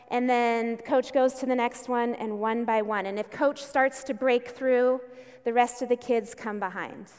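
A woman's voice: a little high, clean tone. A woman pastor preaching a sermon in a conversational storytelling way, with emphatic bursts. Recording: long reverb in a church hall.

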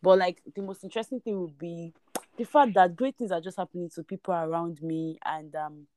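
A woman in her twenties with a Nigerian accent, co-hosting a casual chat podcast and talking in a lively way with quick asides. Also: lowish voice, a little hiss or hum. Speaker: podcast co-host.

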